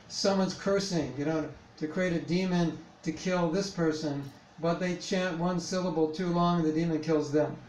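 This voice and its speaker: A man's voice: fairly high pitch, darkish tone. A man leading a devotional chanting workshop in a temple hall, talking conversationally with rhetorical questions and frequent "you know"s. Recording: echoey hall, distant mic, background noise.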